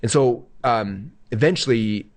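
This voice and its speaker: A man telling a personal story as an interview guest. He talks in a quick, casual way, fills gaps with "like", and acts out quoted lines. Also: mid-range voice. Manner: rapid, filler-heavy, acts out quoted lines. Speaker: guest entrepreneur.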